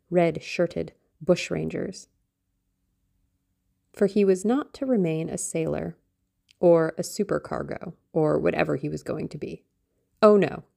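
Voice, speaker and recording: A woman narrating a classic novel in a measured, expressive reading. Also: on the low side, vocal fry. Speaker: audiobook narrator.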